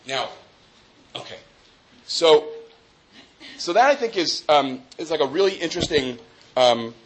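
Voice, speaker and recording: A man with a fairly high voice lectures a class on an academic topic, thinking aloud, often restarting sentences and checking in with tag questions. The echoey room has faint ambience, plus a little hiss or hum.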